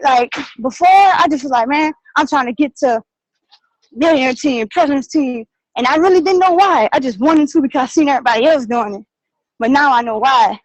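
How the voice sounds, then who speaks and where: High-voiced breathless woman sharing. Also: a little fast, no echo, poor audio. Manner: excited, rambling, heartfelt. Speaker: team member sharing on a call. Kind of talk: casual testimonial share.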